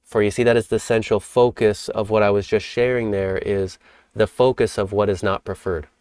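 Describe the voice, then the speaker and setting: Calm, reflective man teaching spirituality. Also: lowish voice, moderate pace, clean tone, no echo, studio quality. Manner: calm, reflective, with playful acted examples. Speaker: host.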